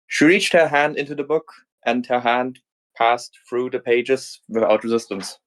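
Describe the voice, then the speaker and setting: A man narrating a fan story in a relaxed read-aloud style. His voice sits in the middle range, and he trips over a word now and then, then carries on. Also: medium pitch, measured pace. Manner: reading aloud with small slips and restarts. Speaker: fanfic reader.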